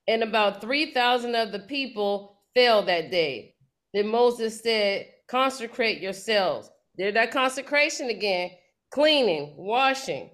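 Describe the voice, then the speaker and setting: Woman Bible study leader, fairly high voice, animated and colloquial, slips into slang when she acts out quotes. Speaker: congregation teacher leading Torah portion study.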